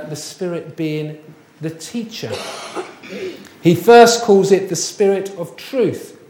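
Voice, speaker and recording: A man's voice: high-pitched, darkish tone, roomy sound. A man preaching a sermon, chatty and full of rhetorical questions. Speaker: pastor.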